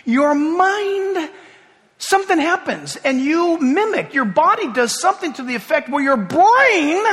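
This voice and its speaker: High bright-voiced preacher guy, big echoey hall, gets quiet then loud. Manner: animated preaching, swings from hushed to shouting. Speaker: pastor. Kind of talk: sermon. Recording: reverberant hall.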